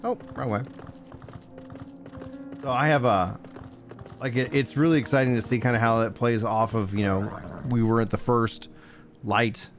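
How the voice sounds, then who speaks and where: A man's voice: medium pitch, fairly even intonation, normal speed, pauses often, slight background noise. A young adult man chatting casually on a livestream, rambling with fillers and restarts.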